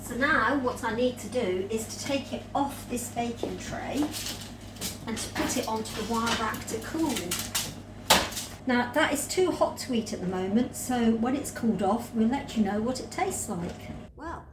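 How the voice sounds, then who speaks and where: A fairly high-voiced woman talks children through baking bread in a home kitchen. She sounds some way off from the mic, in a roomy space with steady background noise. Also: normal speed, recorded from a distance. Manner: chatty, talking to children. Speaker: church children's presenter. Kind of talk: casual baking demonstration.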